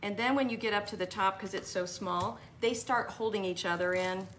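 A woman's voice: mid-range voice, normal speed, fairly bright tone, slight background noise. A woman hosting a live craft tutorial, chatting and rambling as she answers viewers by name.

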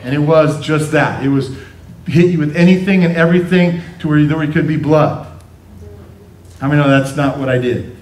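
Heard from afar in a roomy church sanctuary with slight background noise, this middle-aged pastor has a fairly high, somewhat mellow voice and speaks at normal speed. His sermon features family stories, playful asides, and acted-out voices.

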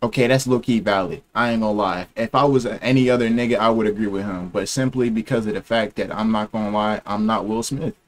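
A man's voice: lowish voice, steady tone, a little fast, hardly any pauses, soft background music. A young man in his twenties streaming, reacting in loose, joking chat full of slang.

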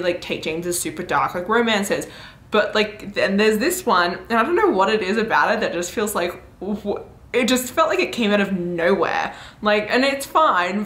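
A young woman chats through a book review vlog with lively, animated energy, tossing in fillers and laughing along the way. Her voice sits mid-range, and the room around her rings with a noticeable echo. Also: medium pitch. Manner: chatty and animated, many fillers, laughs often. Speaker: book vlogger.

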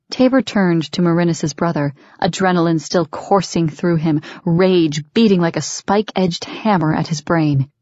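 A woman reading a romance novel as an audiobook in a steady, measured way. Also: fairly low pitch, no echo, muffled recording. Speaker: audiobook narrator. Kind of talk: scripted audiobook narration.

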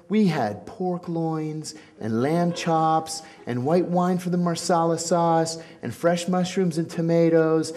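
A middle-aged man telling stories at a community talk, acting out the quotes as he goes. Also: fairly high pitch. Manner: animated storyteller acting out quotes. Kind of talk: storytelling talk.

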